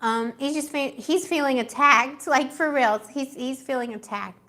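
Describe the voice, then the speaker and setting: A woman's voice: sits high, normal speed. Chatty woman doing a live tarot reading. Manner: chatty and animated, laughs often, many fillers. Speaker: tarot reader.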